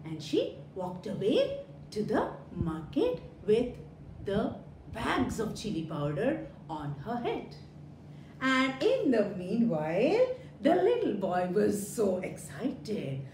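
Woman storyteller for kids, animated and questioning, unhurried with big pitch swings. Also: slight background noise. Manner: animated, sing-song, asks children questions. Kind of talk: children's storytelling. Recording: roomy echo.

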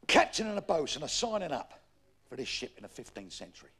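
A man's voice: a little high, a bit bright. A man, doing a stand-up comedy routine on a theatre stage and telling long joke stories. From England. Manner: gravelly voice, puts on voices for the characters in his stories. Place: live theatre stage with an audience. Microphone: stage microphone. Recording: noisy early 1990s live show tape.

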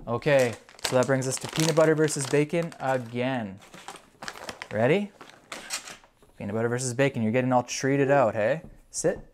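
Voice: mid-range voice, background noise. Chatty puppy owner calling a taste test. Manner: upbeat, mixes quick dog commands with chatty play-by-play. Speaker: dog owner and video host. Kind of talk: casual commentary while training a puppy.

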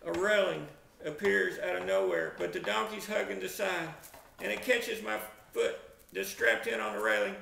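A man's voice: high-pitched, very animated, moderate pace, gravelly, sharp tone. A middle-aged man telling a comic travel mishap, dramatic and exaggerated, acting out sound effects. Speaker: storyteller, video narrator. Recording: roomy echo.

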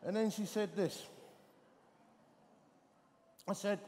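A man in his forties preaches a sermon with a high-pitched, animated, self-deprecating storytelling style. He speaks into a stage microphone, and his voice rings out with a long reverb through a large hall. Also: unhurried, long pauses.

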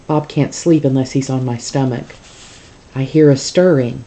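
A teacher reading a novel aloud to a class in a calm, steady storytelling manner. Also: medium pitch, moderate pace.

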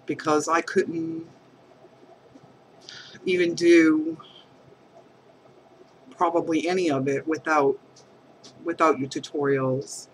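A woman crafting vlogger talking heartfelt to camera, hesitant and halting, earnest and emotional. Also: deep voice, flat delivery, slight background noise, low-quality recording. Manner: emotional, affectionate.

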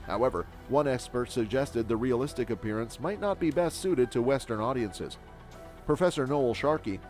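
A man delivers scripted news narration at a mid-range pitch, reading each line evenly and steadily. Soft music plays faintly underneath his voice.

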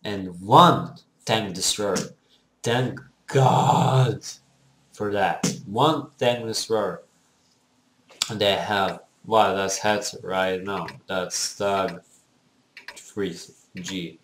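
A man's voice: low-pitched, very slow, fairly bright tone, echoey room, a little hiss or hum, poor audio. A young man giving rambling, teasing gameplay commentary with non-native phrasing. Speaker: gamer.

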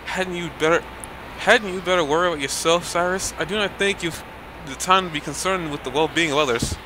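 A man's voice: on the high side, brisk, background noise, natural voice. A man voicing an arrogant male villain who mocks his foes with scorn. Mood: taunting. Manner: taunting, mocking.

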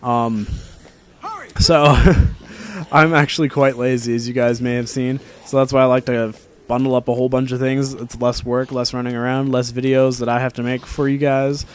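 A man's voice: medium pitch, flat delivery, normal speed, a little hiss or hum. Young male let's-play commentator, talkative and jokey, recorded on a desk mic. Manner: rambling and chatty, with joking asides. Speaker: gameplay commentator. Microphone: desk microphone.

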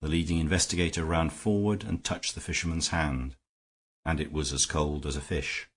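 A man narrating an audiobook in a steady storytelling manner. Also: very deep voice, moderate pace, breathy edge. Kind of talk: scripted narration.

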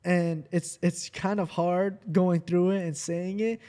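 A man's voice: high voice, flat delivery, takes it slowly, warm tone, smooth. A young man co-hosting a podcast, talking earnestly and agreeing readily, with many fillers like "like". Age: young adult. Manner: earnest, affirming, heavy use of "like". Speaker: podcast co-host, host's son. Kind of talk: casual podcast chat.

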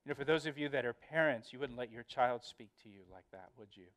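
Clear-voiced pastor teaching scripture. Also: male voice, mid-range voice, animated, quick pace, a bit bright. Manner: earnest, repeats words and restarts, reads scripture with emphasis. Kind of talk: verse-by-verse Bible teaching.

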